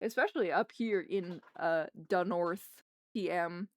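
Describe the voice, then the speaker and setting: This young Canadian woman has a mild accent and a fairly low, unhurried voice, recorded on a streaming microphone with no room sound. She chats casually with her livestream viewers, rambling and correcting herself as she goes.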